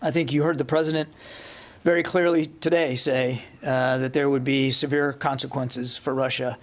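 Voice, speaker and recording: A mid-pitched man answers reporters' questions at a press briefing. He speaks in a measured, guarded way, pausing and restarting often as he picks his words. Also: little pitch movement. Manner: measured, cautious, many hesitations and restarts. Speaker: press secretary. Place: briefing room.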